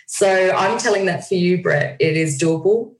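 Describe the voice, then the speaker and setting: A woman with a low voice, chatting as a guest over a video call. She tells her stories with energy and acts out the lines people said to her. The sound is roomy and echoey. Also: normal speed. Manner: animated storyteller, acts out quoted lines. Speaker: guest speaker. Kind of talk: casual video-call conversation. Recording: echoey room.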